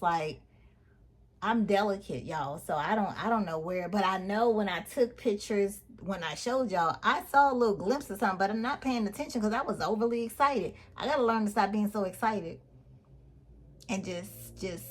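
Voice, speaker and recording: A woman's voice: medium pitch, normal speed. A woman, chatting to her viewers in a casual unboxing vlog, exasperated and talkative. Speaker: vlogger.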